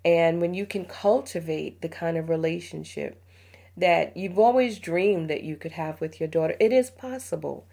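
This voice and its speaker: Middle-aged mother as podcast host, low gravelly voice, heartfelt and confiding. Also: normal speed. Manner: warm storytelling, emotional, laughs often. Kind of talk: heartfelt parenting podcast talk.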